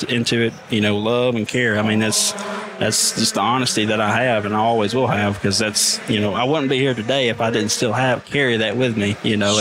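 A man's voice: on the low side, background noise. A man who works as a landscaper, talking earnestly and casually, leaning heavily on "you know". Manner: earnest, leans on "you know", affirms often. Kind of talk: casual podcast chat.

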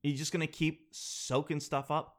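Man, slightly high voice, comedic rant, exaggerated, self-mocking, lively storytelling. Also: normal speed.

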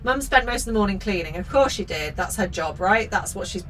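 A woman's voice: medium pitch, lively intonation, fairly quick, a little hiss or hum, low-quality recording. A woman co-hosting a podcast, reading a children's book aloud and commenting on it in a sarcastic, sweary, mock-outraged way. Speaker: podcast co-host.

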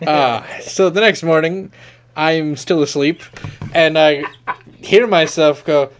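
A man's voice: on the high side, slow, a little hiss or hum. A man co-hosting a casual podcast, telling stories in a laid-back, joking way. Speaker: podcast co-host. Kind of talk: casual chat.

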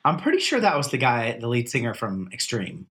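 A man's voice: medium pitch, brisk. A man co-hosting a casual movie discussion, often breaking into quoted lines. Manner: animated, quotes movie lines in mock voices. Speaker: podcast co-host.

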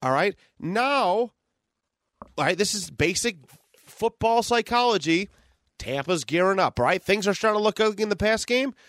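A man's voice: high-pitched, expressive, normal speed, fairly bright tone, dry recording, studio quality. A man co-hosting a sports podcast, ranting in frustration and swearing as he breaks down a game. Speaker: podcast co-host. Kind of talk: casual sports podcast chat.

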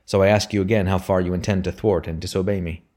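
A stern old father, curt and obstinate, who growls his words with a cold irony and flares into roaring anger. A man reads him out in a deep, low voice. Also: fairly even intonation, fast, darkish tone, natural voice.

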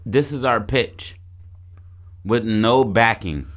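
A man co-hosting a podcast in casual chat, joking crudely and pitching ideas with restarts. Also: takes it slowly, a bit bright. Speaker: podcast co-host.

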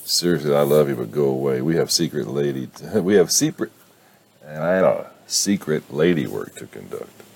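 Bossy, sugary Southern mother, read by a man, raised lively tone over a gravelly base. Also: rumbling low, normal speed, slight background noise, full character voice. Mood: doting. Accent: put-on Southern US. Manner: sweet, pampering and firm. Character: motherly older woman, doting and bossy.

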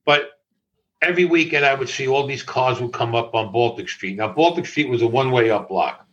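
Older New man, animated storyteller. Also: medium pitch, brisk, lo-fi sound. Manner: animated, laughing, swearing freely. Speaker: interviewee. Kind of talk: storytelling in conversation.

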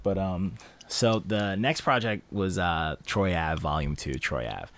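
A young man hosting a casual podcast chat, ranting about rap albums with animated, profane energy. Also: sits low, a little slow.

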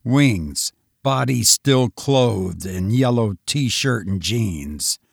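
Slow, dramatic male story reader. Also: fairly low pitch, expressive, creaky, no echo, clean studio sound. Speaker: audiobook reader. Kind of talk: scripted narration.

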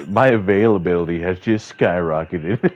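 A man's voice: deep voice, normal speed, no echo. A man co-hosting a podcast, making teasing jokes in casual banter. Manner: joking, teasing interjections. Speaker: podcast co-host.

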